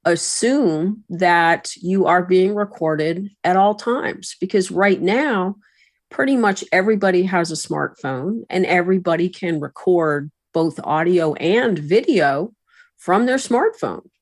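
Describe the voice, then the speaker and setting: A woman with a lowish voice speaks as an attorney and resident expert on a podcast. She lays things out in a steady, advisory manner. The sound is dry and close to the mic. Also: dry recording. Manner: measured, explanatory, advisory. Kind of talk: podcast discussion.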